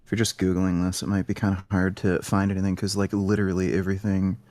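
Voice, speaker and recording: A man takes part in an online debate, hesitating and stammering through frequent ums as he searches for his point. His voice is somewhat low, recorded dry and close. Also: flat delivery, fast talker, warm tone, no room sound.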